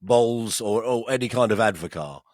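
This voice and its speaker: A man's voice: fairly low pitch, normal speed, no echo, studio quality. A man co-hosting a podcast, telling rambling stories with frequent laughs and restarts. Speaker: podcast co-host. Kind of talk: casual banter.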